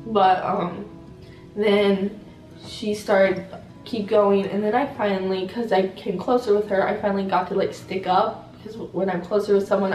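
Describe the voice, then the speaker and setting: A shy teenage girl co-hosting a casual sit-down chat, soft-spoken and hesitant, full of fillers. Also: mid-range voice. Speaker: channel co-host. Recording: roomy sound, mic at a distance, faint music.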